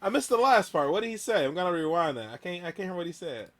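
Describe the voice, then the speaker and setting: A man's voice: high-pitched, big pitch swings, quick pace, a loud crowd, heavy background noise. A man hosting a reaction video, chatting casually and rambling with lots of fillers. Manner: easygoing, rambling, many fillers.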